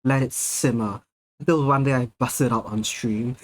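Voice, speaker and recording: A male streamer chatting to his viewers in a loose, jokey way, quick to laugh. He talks between bites of food, keeps it casual and playful, and his voice sits at an ordinary middle pitch. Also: sing-song, darkish tone. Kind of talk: casual live-stream chat.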